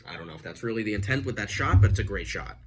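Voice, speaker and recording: A man chatting casually as he reviews a film, animated and full of fillers. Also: lowish voice, very fast, husky.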